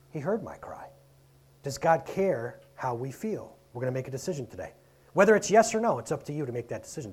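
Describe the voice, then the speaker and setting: A man preaching a conversational sermon, asking rhetorical questions and swinging between loud and quiet. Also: medium pitch, breathy edge. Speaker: pastor.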